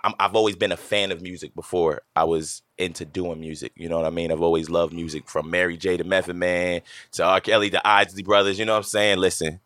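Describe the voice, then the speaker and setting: Deep-voiced man from Long Island. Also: fast talker, few pauses, no echo, studio quality. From Long Island, New York. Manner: relaxed, loose, repeats himself. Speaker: guest musician. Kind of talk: casual interview chat. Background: hip hop music.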